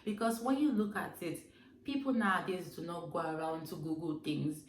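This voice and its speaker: A woman's voice: lowish voice, moderate pace. A woman from Africa speaking earnestly and emphatically to her viewers in an opinion vlog. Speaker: vlogger. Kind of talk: direct-to-camera opinion vlog. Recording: roomy echo, mic set far off.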